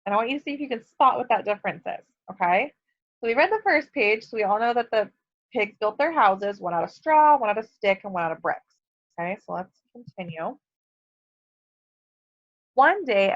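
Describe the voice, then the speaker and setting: A woman's voice: medium pitch, lively intonation, moderate pace. A woman teacher reading a picture book aloud to her students, stopping to ask questions and explain. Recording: dull lo-fi recording.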